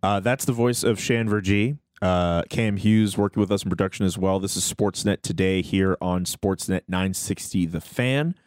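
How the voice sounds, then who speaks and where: A man's voice: low voice, dry recording. A man hosting a sports radio show in a studio, chatting casually and upbeat. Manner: lively, laughs easily, upbeat. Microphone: studio mic.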